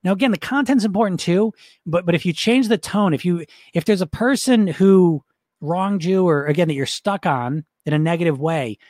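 A man's voice: high-pitched, moderate pace, a little mellow. A man with a slightly raised voice delivers a casual coaching talk. He speaks conversationally, often checks in with his listener and restarts his sentences along the way. The sound is dry and close, with no room echo. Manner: frequent restarts and fillers.

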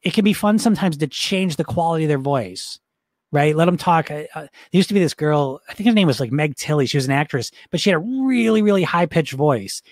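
Guy coaching folks in a chill talk, kinda higher voice, keeps asking "right?", dry close sound. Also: expressive, fairly quick, no echo. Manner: conversational, often checks in with the listener; frequent restarts and fillers. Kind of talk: casual teaching talk.

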